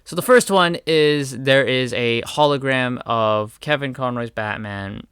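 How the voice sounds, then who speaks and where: A man's voice: mid-range voice, a little slow, fairly bright tone, smooth, no echo, clean studio sound. A man giving a heated video rant, stressing his points by repeating words. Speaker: video commentator. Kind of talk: ranting video commentary.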